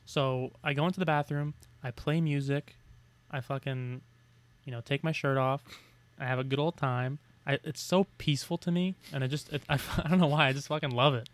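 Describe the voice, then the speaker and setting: A young man co-hosting a podcast, talking in a relaxed, rambling way with casual swearing. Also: medium pitch, brisk, no room sound. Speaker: podcast co-host. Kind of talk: casual chat.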